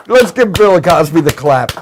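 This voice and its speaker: A man's voice: a little high, noisy background. A middle-aged man hosting a comedy talk show, joking and laughing often in casual chat.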